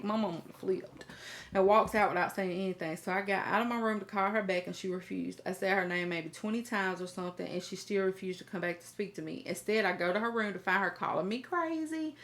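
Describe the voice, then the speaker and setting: Woman reading a viewer email out loud, blunt and cussing, chatting right at her viewers. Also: medium pitch. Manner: blunt, profane, chatty, talks straight to viewers. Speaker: host.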